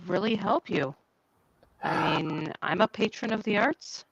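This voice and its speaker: A woman's voice: medium pitch, a little slow, vocal fry, lo-fi sound, a loud crowd. A woman playing a tabletop game, pleading and stammering in character. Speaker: player.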